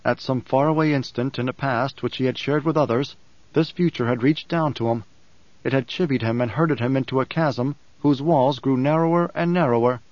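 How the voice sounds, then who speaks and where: A man narrating an audiobook in a measured, deliberate way. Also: mid-range voice, no room sound. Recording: dull, dry audiobook sound.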